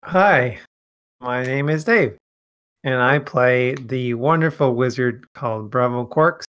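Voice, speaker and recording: A man introducing his character at a tabletop game with a wry, deadpan touch. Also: mid-range voice, takes it slowly, smooth. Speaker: player. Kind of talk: casual player introduction.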